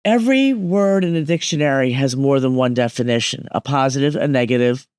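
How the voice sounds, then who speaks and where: A woman's voice: rumbling low, brisk, a little mellow, smooth, dry recording, clean studio sound. A woman speaking as a medium guest on a podcast, explaining emphatically and often checking that listeners follow.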